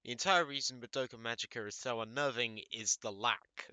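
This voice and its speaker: A man's voice: medium pitch, brisk, bright, forceful tone, no room sound. A man narrating an anime video essay, with crude, wry humor. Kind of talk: scripted comedic commentary.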